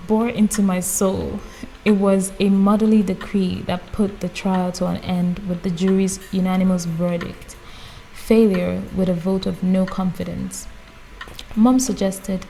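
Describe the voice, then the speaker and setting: A woman reading a book aloud in a calm, casual way, often stopping to add her own amused comments. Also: mid-range voice, normal speed, vocal fry, slight background noise, rough recording. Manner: reads calmly, breaks off for amused personal comments. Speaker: audiobook reader. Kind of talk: casual read-aloud with chatty asides.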